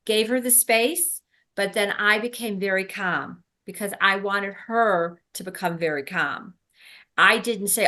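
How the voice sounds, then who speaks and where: A woman's voice: mid-range voice, steady tone, unhurried, sharp tone. Woman teaching a birth workshop. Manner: conversational, many ums and restarts. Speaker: doula trainer.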